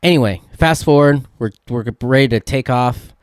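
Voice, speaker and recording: A young man from California, hosting a casual solo podcast and telling a rambling, excitable story full of "dude" and "like". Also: mid-range voice, moderate pace, clean tone, dry recording, studio quality. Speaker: podcast host.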